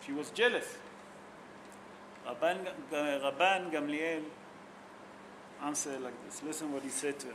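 High, bright-voiced rabbi giving a sermon. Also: male voice, a little slow, pauses often, a little hiss or hum. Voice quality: non-native English, simple grammar. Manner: emotional storytelling, asks the audience questions.

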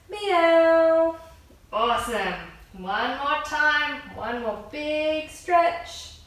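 A woman's voice: mid-range voice, a bit bright. A woman therapist leading children through yoga poses in an encouraging, lilting way, calling out each move. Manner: encouraging, lilting, calls out moves and animal sounds. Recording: very echoey room, voice from a distance.

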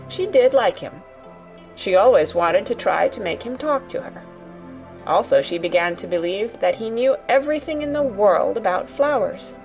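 A woman narrating a classic children's story as a gentle, steady bedtime reading. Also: medium pitch.

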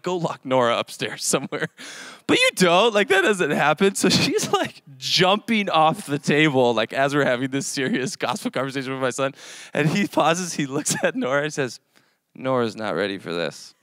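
A man's voice: fairly high pitch, fairly bright tone, no echo, studio quality. Chatty rambling man preaching casually. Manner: chatty, rambling storytelling with many fillers. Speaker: young adults pastor. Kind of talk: casual sermon.

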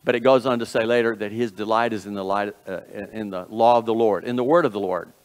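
A man's voice: fairly low pitch, fairly even intonation, fast talker, clean tone. Man preaching in a reverberant sanctuary. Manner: earnest, folksy preaching with repeated phrases and self-corrections. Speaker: pastor. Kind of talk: sermon. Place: church sanctuary.

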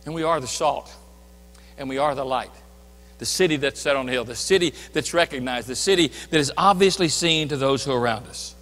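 A man preaching a sermon as pastor, emphatic, swinging between loud declarations and hushed asides. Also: mid-range voice, a little fast, in a large hall, faint music behind. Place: church sanctuary.

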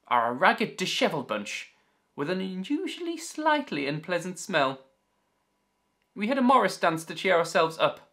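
A man's voice: fairly high pitch, sharp tone, heavily acted. A man voicing a bold old sea captain as he reads out his log, in a jolly, theatrical storybook style. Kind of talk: storybook reading.

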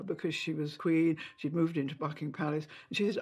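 A woman's voice: quick pace, hardly any pauses, breathy edge. An older woman being interviewed, telling old memories in a chatty way with fillers. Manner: chatty storytelling with fillers, lively pitch when quoting others. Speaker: interviewee, royal lady-in-waiting. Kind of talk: reminiscing interview.

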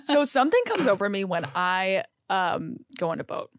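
A woman co-hosting a podcast, telling stories in an animated way and laughing often. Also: medium pitch, moderate pace, vocal fry, no echo, clean studio sound. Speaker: podcast co-host. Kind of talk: casual chat.

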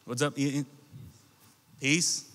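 A man's voice: mid-range voice, steady tone, extremely slow, fairly bright tone. An American man preaching to a youth group in a casual, storytelling way and speaking directly to the kids. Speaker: youth pastor. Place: church youth hall. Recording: long reverb from a large hall.

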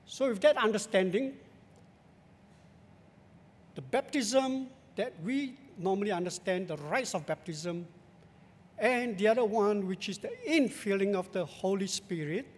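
A male pastor with a Singaporean accent, preaching in a measured, emphatic, rhetorical way in a church. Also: high-pitched. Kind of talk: sermon. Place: large church sanctuary. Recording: long church hall reverb.

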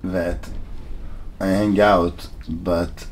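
Self-deprecating man podcaster, low voice. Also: flat delivery, drawn-out words, slight background noise. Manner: storytelling, self-deprecating, acts out quotes. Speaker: podcast co-host. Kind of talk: casual chat.

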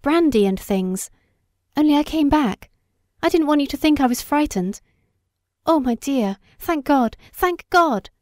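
A woman's voice: high-pitched, expressive, moderate pace, hardly any pauses, a little mellow, no echo, studio quality, pitched above the performer's own voice. A woman reading an audiobook voices a frightened, devoted young wife who pleads breathlessly. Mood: relieved. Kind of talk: audiobook character voice.

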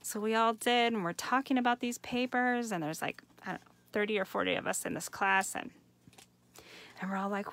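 Chatty woman with a gravelly edge. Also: a little high, fairly quick, fairly bright tone, dry recording. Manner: chatty, enthusiastic, addresses viewers as you guys. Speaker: craft host. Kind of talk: live craft demonstration. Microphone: home setup for a live stream.

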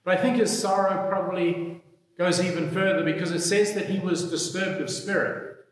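A man, a priest, reading the gospel and preaching a sermon in a slow, measured, reflective way. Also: high-pitched, steady tone. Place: church. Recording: echoey church hall.

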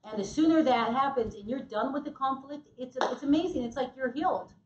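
A woman's voice: high voice, a little fast, echoey room, recorded from a distance, dull audio. A woman co-teaching a church marriage class, earnest and emphatic, acting out what couples say. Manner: earnest, emphatic, acts out quotes.

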